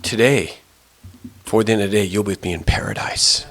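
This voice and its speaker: A man speaking as a gentle forgiving man on a cross, soft, slow, hushed, still a bright tone. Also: fairly low pitch, pitched below the performer's own voice, natural voice.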